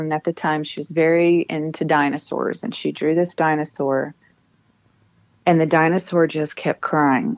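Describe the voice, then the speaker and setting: Low-voiced earnest woman. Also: dry recording, highs cut off. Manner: earnest, emotional, with many restarts. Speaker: military spouse and author. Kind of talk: personal storytelling in an interview.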